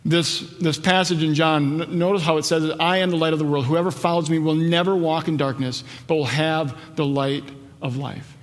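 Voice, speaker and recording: A man preaching a sermon. He reads scripture slowly and rises in pitch and loudness when he stresses a point. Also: steady tone. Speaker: pastor. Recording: long hall reverb.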